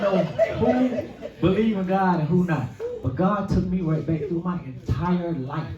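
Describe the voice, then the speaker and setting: A man in his forties telling his life story at a luncheon, with a lively storytelling style that swells into exclamations. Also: on the high side, normal speed, a crowd in the background. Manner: storytelling, preacher-like, rising to exclamations. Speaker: guest speaker. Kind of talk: personal testimony. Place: event hall at a luncheon. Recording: echoey room from far off, dull sound.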